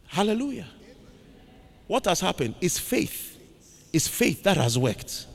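Preacher, male, high and lively voice, slow and emphatic, bright tone, shouts for emphasis. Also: creaky. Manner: preaching with call-and-response to the congregation. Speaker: pastor. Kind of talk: sermon. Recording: long hall reverb.

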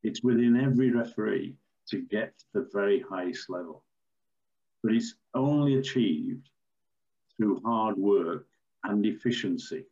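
An older man, a former referee, telling stories in a measured, storytelling way with some fillers. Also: on the low side, creaky, warm tone, muffled recording. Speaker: former football referee, podcast guest. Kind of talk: anecdotal interview answers.

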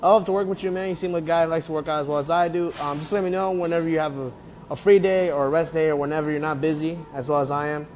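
A man's voice: on the high side, fairly even intonation, rapid-fire, a little mellow, a little hiss or hum. A man leaving a casual, friendly video message full of bro-talk. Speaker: fan sending a video message.

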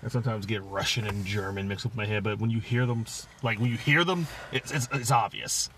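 Man, low voice, rambling casual podcast chat, self-mocking, faint hiss. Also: brisk, fairly bright tone. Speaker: podcast co-host.

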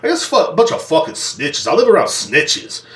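A man's voice: fairly high pitch, wildly swooping pitch, moderate pace. A man hosting a solo podcast from home, ranting in a profane, joking, rambling way. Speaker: podcast host. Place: indoors at home. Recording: roomy echo.

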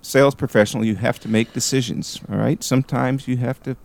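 A man hosting a podcast interview, playful as he quizzes his guest with quick either-or questions. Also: medium pitch, steady tone, creaky. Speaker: podcast host.

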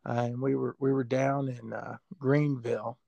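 A man who works as a sports information director, telling a story emotionally and haltingly, with many fillers. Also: medium pitch, flat delivery, vocal fry, mellow, dull audio. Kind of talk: storytelling in an interview.

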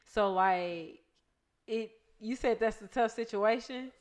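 A woman's voice: on the high side, takes it slowly. A woman in a casual chat, speaking frankly and directly and laughing easily.

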